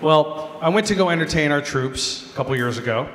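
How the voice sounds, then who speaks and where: Animated man telling a story in an echoey hall. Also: a little high, a little fast. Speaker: comedian. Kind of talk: storytelling at a gala. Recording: echoey hall, faint noise.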